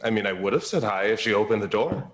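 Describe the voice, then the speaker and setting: Man, lowish voice, deadpan, wry jokes, in-character play. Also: fast talker. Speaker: tabletop game player. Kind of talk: casual in-character banter.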